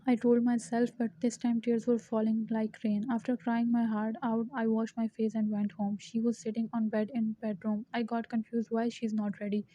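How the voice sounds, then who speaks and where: A woman reading a fan-fiction story aloud in a flat, even way. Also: on the high side, moderate pace, hardly any pauses. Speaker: story reader. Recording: dull lo-fi recording.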